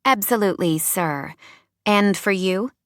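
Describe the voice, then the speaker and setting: A woman's voice: mid-range voice, measured pace, fairly bright tone, no echo, studio quality, lightly acted. A woman voicing a polite, courteous female restaurant server in an audiobook. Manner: courteous, professional.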